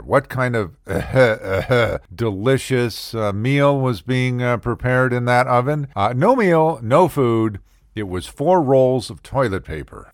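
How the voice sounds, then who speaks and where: Wry male comedian with animated delivery. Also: mid-range voice, no room sound, studio quality. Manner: wry, exaggerated, sarcastic delivery. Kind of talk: comedic storytelling monologue.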